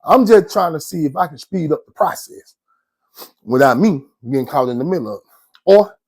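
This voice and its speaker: Husky-voiced man telling a story. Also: on the high side, lively intonation, moderate pace, a little mellow. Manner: slangy, rambling, keeps asking "you know what I'm saying". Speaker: former inmate telling his story. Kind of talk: casual storytelling to camera.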